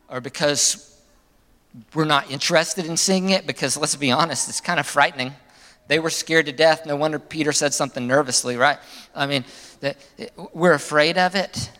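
Preaching with animation, this male pastor lets his pitch leap upward to stress points and drop low as each phrase closes. His words trail off into a long reverb tail.

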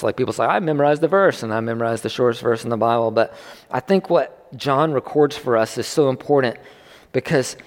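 Chatty preacher with a ringing hall. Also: male voice, medium pitch. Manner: conversational, restarts, swells with emphasis. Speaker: pastor. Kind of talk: sermon. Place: church service. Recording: long hall reverb.

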